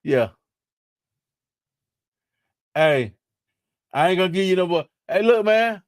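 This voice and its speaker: A man's voice: sits high, expressive, takes it slowly, dry recording, clean studio sound. A young man chatting casually on a live stream, laughing and teasing in slangy talk.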